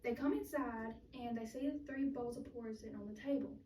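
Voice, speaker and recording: A young woman retells a fairy tale in a relaxed, chatty way, stringing clauses together with "so" and "like." Her voice is mellow and fairly high. She is recorded from across a roomy space, with faint noise behind her. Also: fairly quick, distant mic. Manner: chatty, loose retelling full of "so" and "like". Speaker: student giving a speech. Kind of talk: casual storytelling speech.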